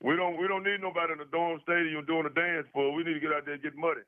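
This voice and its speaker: A man's voice: fairly high pitch, little pitch movement, very fast, no room sound, phone-quality sound. A man calling in to a sports talk show, speaking emphatically in a folksy way. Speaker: caller.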